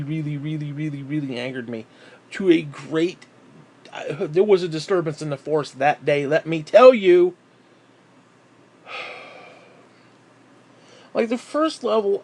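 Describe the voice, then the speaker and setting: A man's voice: fairly high pitch, a little mellow, slight background noise. A man hosting a gaming channel, delivering an angry, profane and sarcastic ranting review.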